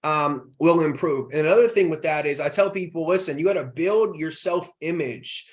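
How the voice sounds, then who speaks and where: A man in his thirties, a podcast guest, talking in an energetic motivational way with rhetorical questions. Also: a little high, normal speed. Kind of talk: motivational interview talk.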